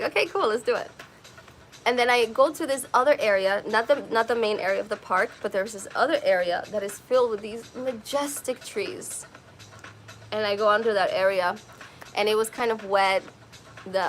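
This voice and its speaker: A woman's voice: medium pitch, a bit bright, slight background noise. A woman hosting a podcast, telling a personal story in an emotional, rambling way and swearing freely. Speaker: podcast host.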